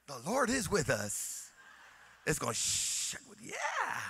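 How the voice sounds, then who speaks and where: Male pastor, fairly high voice, lively storytelling sermon. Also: measured pace, husky, no echo. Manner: animated anecdotal preaching, acting out dialogue.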